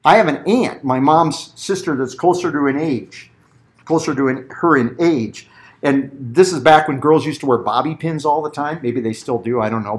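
A middle-aged male pastor delivering a sermon with a lively, swooping voice that jumps high and drops low. He tells stories in an animated way, slipping into quick acted-out voices. His voice sits a little above the usual male range. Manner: animated storytelling, acts out voices.

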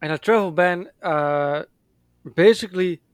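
A man's voice: sits high, measured pace, smooth, no room sound, clean studio sound. A man from Europe in casual chat, blunt and heavy on swearing. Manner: blunt and profane.

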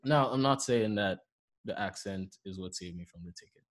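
A man with a Saint Lucian accent, a podcast host telling stories in an animated way, often laughing. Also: lowish voice, moderate pace. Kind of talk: conversational storytelling.

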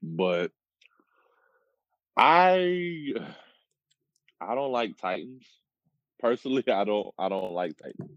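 A man's voice: lowish voice, animated, a bit bright, no room sound. A man co-hosting a podcast, chatting casually and with a laid-back manner. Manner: laid-back, slow, says bro. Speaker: podcast co-host. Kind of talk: casual chat. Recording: dull dry lo-fi mic.

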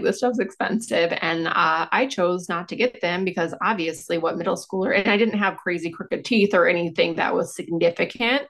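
A woman's voice: fairly low pitch, gravelly. A woman in her thirties chatting casually as a podcast co-host, self-deprecating, with a slight lisp from dental aligners. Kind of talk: casual chat.

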